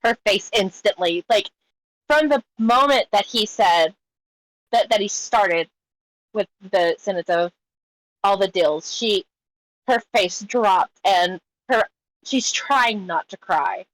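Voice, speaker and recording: A woman's voice: medium pitch, takes it slowly, no echo, low-quality recording. Woman player rambling about her character, dry close voice. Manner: rambling, lots of fillers. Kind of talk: describing her character in a tabletop game.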